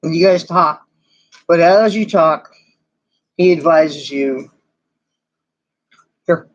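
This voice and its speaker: A man's voice: fairly high pitch, slow pace. A man narrating as game master in a casual, rambling way with many fillers. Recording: dull lo-fi recording.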